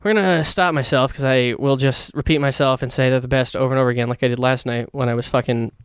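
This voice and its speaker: A young man hosting a solo podcast, rambling excitedly in a casual monologue and swearing a lot. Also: mid-range voice, fast talker, smooth, no echo, studio quality. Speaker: podcast host.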